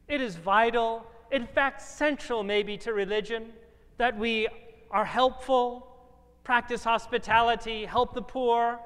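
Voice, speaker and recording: A pastor preaching a first-person dramatic sermon, speaking in measured, emphatic phrases full of repetition. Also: male voice, very high-pitched, a bit bright, clean tone, in a large hall.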